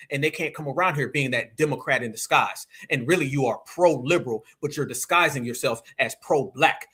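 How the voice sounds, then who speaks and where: A man's voice: on the high side, a bit bright, husky. A man hosting a political livestream, talking in a heated, preachy, mocking way and calling his listeners "fam".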